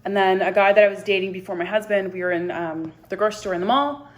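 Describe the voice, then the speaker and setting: A woman in her twenties, vlogging to camera, shares a personal story in a halting, emotional way. Her pitch is medium, and she often sinks into a hushed voice.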